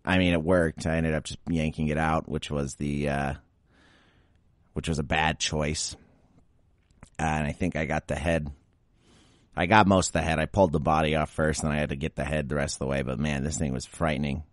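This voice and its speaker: Young adult male podcast host, very low voice, dry close sound, irritated ranting delivery. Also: fairly even intonation, normal speed, no echo. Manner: grumbling, exasperated, mocks baby talk. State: a bit sick after drinking. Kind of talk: casual solo rant.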